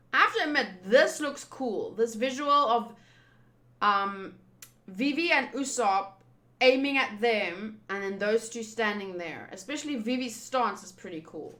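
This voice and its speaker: Reading through a manga casually, a woman in her twenties comments and reacts while thinking aloud. Her fairly high voice is expressive, pushed, and bright, and her pace is a little slow.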